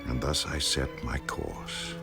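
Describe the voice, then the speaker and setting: An ancient wizard tells his tale in a very deep, deliberate voice, slow and full of rise and fall. He speaks in measured film narration, with music playing beneath. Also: wildly swooping pitch, heavily acted. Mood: solemn. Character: older male wizard recalling his life.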